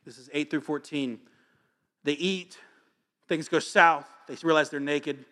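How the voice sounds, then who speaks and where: A man preaching a sermon as pastor, energetic and joking, reading scripture aloud between stories. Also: on the high side, unhurried.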